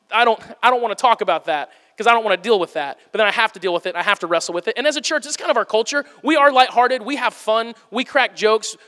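A young man with a high, light voice delivers a candid, self-deprecating sermon as a pastor. He acts out everyday scenes as he preaches, and his voice carries a long reverb from a large church hall. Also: a bit bright.

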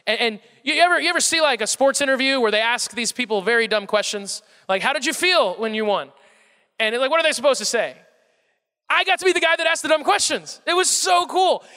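A young man giving a comic storytelling talk to a live audience, animated and self-mocking with playful exaggeration. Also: extremely high pitch, fast, smooth. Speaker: speaker addressing a live audience. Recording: long hall reverb.

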